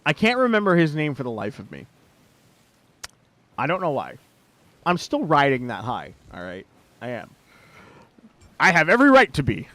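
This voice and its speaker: A gaming streamer chats casually with a teammate mid-game, swearing and laughing while he recounts a fight. His voice is on the high side and a bit bright, with huge swings in pitch, normal speed and frequent pauses.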